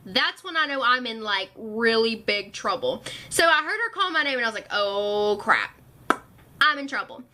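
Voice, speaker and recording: A young woman telling a storytime vlog, animated and full of fillers, acting out what others said. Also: on the high side, fairly quick, few pauses. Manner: animated, filler-heavy retelling, acting out quotes. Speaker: vlogger.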